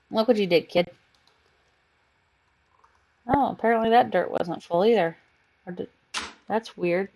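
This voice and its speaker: A woman's voice: medium pitch, lively intonation, a little slow, long pauses. A woman streaming a game live, chatting casually and cooing baby talk to her cat between comments on the game.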